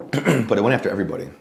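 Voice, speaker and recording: Deep-voiced guy rambling over lunch at home, keeps clearing his throat. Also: very animated, fast talker, slight background noise. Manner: rambling, full of "like" fillers, frequent throat clearing. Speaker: guest journalist. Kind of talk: casual conversational storytelling.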